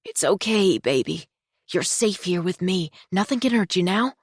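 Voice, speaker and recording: A woman's voice: fairly low pitch, animated, normal speed, breathy edge, no echo, studio quality. Woman doing a fierce, protective older mother. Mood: soothing. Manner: sharp and angry toward strangers, soothing to her daughter. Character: fierce protective middle-aged mother, hostile to outsiders.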